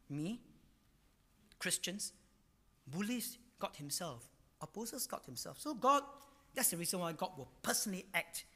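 A man's voice: high-pitched, a bit bright. A man preaching a sermon with emphatic delivery and many rhetorical questions, ending phrases with particles like "lah" and "no".

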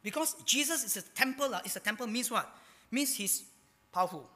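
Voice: mid-range voice, lively intonation, brisk, pushed and bright, big-room sound. A pastor with a Singaporean English accent preaching a sermon, emphatic, asking and answering rhetorical questions.

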